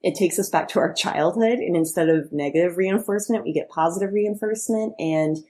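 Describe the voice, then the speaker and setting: A woman in her thirties co-hosts a podcast in relaxed, chatty conversation. Her voice sits low and a little husky. She talks loosely, with plenty of fillers and easy laughter. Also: brisk. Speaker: podcast co-host. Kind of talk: casual chat.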